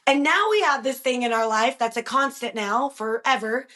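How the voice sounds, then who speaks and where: A young woman guest in a podcast interview, talking openly and emotionally, laughing softly between thoughts. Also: high-pitched, normal speed, few pauses.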